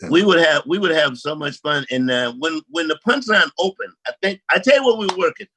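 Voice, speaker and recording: A man's voice: fairly high pitch, lively intonation, fairly quick, bright, forceful tone, slight background noise, rough recording. A man in casual chat who chimes in to agree and add to the story. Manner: chiming in, agreeing. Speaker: comedy panel guest.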